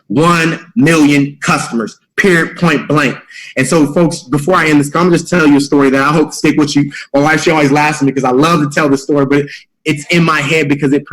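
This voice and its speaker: A man's voice: a little high, a bit bright, rough recording. A middle-aged man leading a motivational call, preachy and rallying, repeating his key phrases. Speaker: mentorship call leader.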